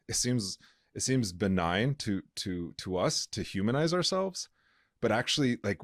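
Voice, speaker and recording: A man's voice: on the low side, dry recording, clean studio sound. A man co-hosting a podcast, talking earnestly with many fillers and restarts. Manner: earnest, impassioned. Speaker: podcast co-host. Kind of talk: casual conversational interview.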